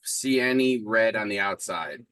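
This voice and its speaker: Host guy cooking along, asks quick stuff, bright kinda low voice. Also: clean tone. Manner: brief questions and check-ins. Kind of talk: casual cooking chat.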